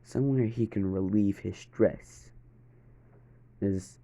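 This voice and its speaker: A man narrating a fan fiction story in a steady, monotone way. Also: fairly low pitch, slow.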